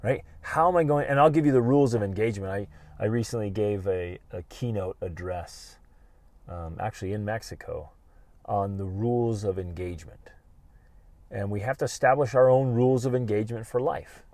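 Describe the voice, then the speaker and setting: A middle-aged man hosting a podcast, giving an animated, emphatic motivational talk and acting out his own inner voice. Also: fairly low pitch, moderate pace, dry recording. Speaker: podcast host.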